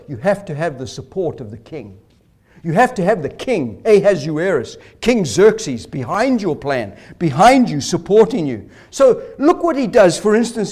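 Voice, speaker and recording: A man's voice: sits high, darkish tone. A man preaching a sermon, asking rhetorical questions and repeating phrases for emphasis.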